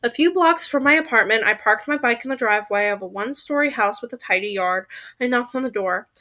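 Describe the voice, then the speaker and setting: A woman's voice: a little high, a little fast, sharp tone. A woman reading a novel aloud expressively, with small stumbles and restarts. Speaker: reader.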